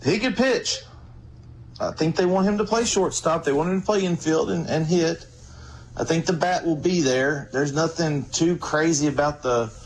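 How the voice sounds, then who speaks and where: A man's voice: on the high side, slight background noise, rough recording. A man giving casual, confident analysis as a guest on a sports radio show.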